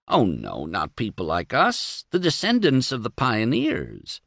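A man's voice: medium pitch, huge pitch swings, a little slow, vocal fry, a bit bright, dry recording, clean studio sound, heavily acted. A man voicing an anxious, fussy middle-aged wife who pleads and frets. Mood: fretful. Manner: pleading, fretful.

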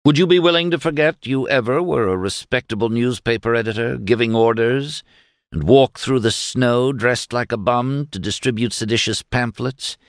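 A man voicing a suave, condescending wealthy former economics teacher, speaking smoothly and a little higher than his narration. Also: moderate pace, no room sound, clean studio sound, natural voice.

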